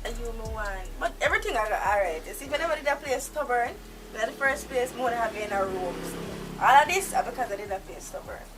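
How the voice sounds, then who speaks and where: A woman's voice: on the high side, animated, fast talker, music in the background, close to an everyday voice, rough recording. Woman playing a volatile Jamaican captor. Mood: brooding. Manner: volatile, swings from hushed threats to shouting. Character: unstable woman holding a man captive. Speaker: actor. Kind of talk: acted film drama.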